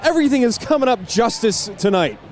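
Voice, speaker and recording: A man's voice: very high voice, lively intonation, brisk, darkish tone. A man interviewing players on the ice after a championship game, gushing and emotional, stumbling into restarts. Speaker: on-ice interviewer for a hockey broadcast.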